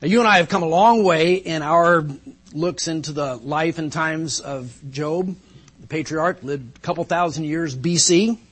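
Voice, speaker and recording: Pastor, male, fairly high husky voice, measured sermon delivery, dry humor. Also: a bit bright. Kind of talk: sermon with opening prayer. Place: church sanctuary.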